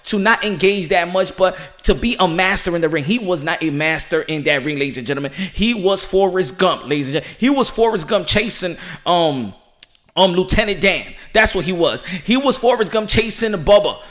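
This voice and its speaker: A fairly high-voiced man riffs through a boxing podcast from a room at home. He talks in an excitable, slangy rush, circling back to "ladies and gentlemen" again and again. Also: normal speed. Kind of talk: animated boxing commentary monologue. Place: home room with children nearby. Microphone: home setup.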